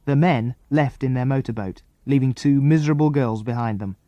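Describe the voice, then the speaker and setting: A man narrating a children's adventure audiobook in an expressive, lively reading style. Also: medium pitch, moderate pace, hardly any pauses, dry recording. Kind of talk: scripted storybook narration.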